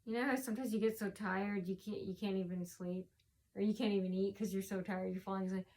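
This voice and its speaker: In a fast, steady voice of medium pitch with a darkish color, a sleep-deprived woman vlogs about a personal encounter. The telling wanders, doubling back on itself through fillers, restarts and repeated wording.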